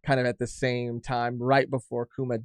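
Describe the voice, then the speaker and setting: A man's voice: medium pitch, monotone, moderate pace, no room sound, studio quality. A man co-hosting a podcast, chatting casually and animatedly about a manga chapter, swearing freely and often restarting his sentences. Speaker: podcast co-host. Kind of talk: casual chat reviewing manga.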